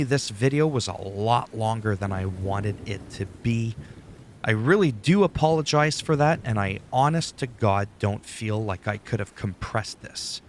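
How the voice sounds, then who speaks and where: A man's voice: on the low side, a little hiss or hum. A man giving a rambling, profane, conversational tutorial while sitting at his desk and talking into a studio dynamic microphone. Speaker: YouTuber explaining recording settings. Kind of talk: casual screen-recorded tutorial. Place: home desk setup.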